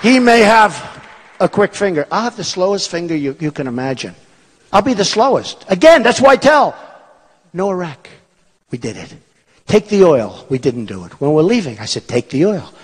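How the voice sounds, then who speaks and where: Emphatic man, lively pitch, echoing hall. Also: normal speed, breathy edge. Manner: repetitive, emphatic, boastful, digressive. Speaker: political candidate speaking at a rally. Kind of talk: rally speech. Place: large performing arts hall. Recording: long hall reverb.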